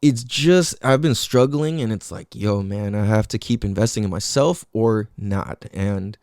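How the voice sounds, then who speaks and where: A man's voice: lowish voice, measured pace, a little mellow, clean tone, no echo, clean studio sound. A man hosting a podcast, telling a story casually and swearing a lot. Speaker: podcast host.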